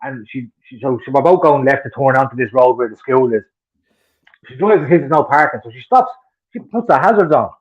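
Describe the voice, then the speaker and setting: A man's voice: medium pitch, lively intonation, a little fast, husky, muffled recording. An Irish man co-hosting a podcast, telling profane, heated stories in casual chat. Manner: profane, heated ranting storyteller. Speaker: podcast co-host.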